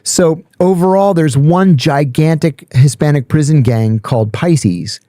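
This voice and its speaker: Animated middle-aged man telling stories. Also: fairly high pitch, unhurried, dry recording, studio quality. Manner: animated storyteller, acts out quoted voices. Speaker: podcast host telling prison stories. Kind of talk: casual storytelling chat.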